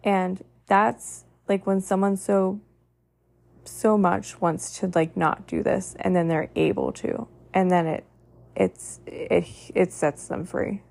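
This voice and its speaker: A woman's voice: medium pitch, fairly even intonation, slow, vocal fry, a little mellow. A woman hosting a podcast, giving a heartfelt motivational monologue in an earnest way, stacking long lists and often saying "like". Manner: earnest, repetitive lists, frequent "like" fillers. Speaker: podcast host.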